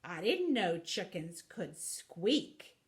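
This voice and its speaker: A woman's voice: lowish voice, very animated, slow. A woman voicing a blunt, matter-of-fact male piranha.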